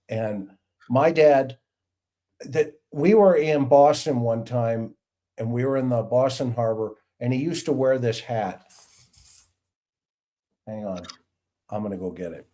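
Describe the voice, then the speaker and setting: A man's voice: mid-range voice, mellow. A middle-aged man hosting a livestream panel chat, telling stories with enthusiasm and emphasis over a video call. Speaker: host.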